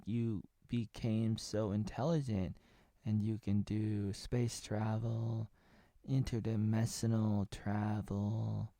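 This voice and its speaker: A man's voice: lowish voice, mellow, dry recording, clean studio sound. A man in his thirties from Oregon, casually recapping a TV episode in a meandering way, full of filler words and jokey asides. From Oregon, USA. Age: 30s. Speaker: TV episode reviewer.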